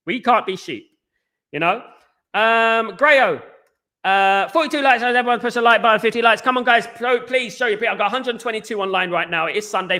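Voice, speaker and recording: A man hosting a live fan stream, talking very fast and answering viewer comments in casual chat. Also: high-pitched, pushed and bright.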